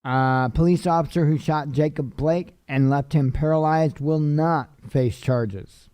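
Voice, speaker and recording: A man's voice: fairly high pitch, unhurried, mellow, clear, resonant tone, no echo. A tired man reading news headlines aloud and adding offhand casual comments. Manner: tired, yawning, offhand asides.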